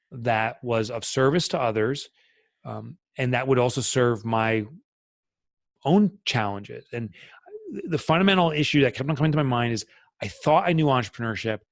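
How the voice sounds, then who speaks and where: A man's voice: mid-range voice, dry recording. A middle-aged man, a podcast guest, telling a candid personal story in an earnest, reflective way with many fillers.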